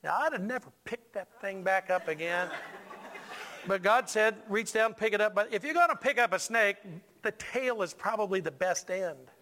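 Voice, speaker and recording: A man's voice: sits high, lively intonation, normal speed, bright, forceful tone. A male pastor preaching a sermon in a church, joking with the congregation and stressing lines with emphatic repetition.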